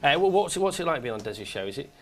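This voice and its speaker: A chat show host asking eager, rambling questions in a chummy way. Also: male voice, a little high, very animated, fast. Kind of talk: lively TV chat show hosting. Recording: 1990s TV studio with audience and hiss.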